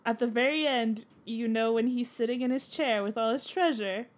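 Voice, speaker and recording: A woman's voice: on the high side, moderate pace. A woman chatting casually with friends, playful, spinning what-if scenarios. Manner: playful, spins hypotheticals. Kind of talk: casual chat among friends.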